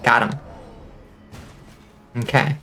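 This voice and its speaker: Over soft background music, a Southern US woman vtuber chats casually with viewers during a game stream, her words drawn out and her tone sharp. She laughs a lot and doesn't hold back on swearing.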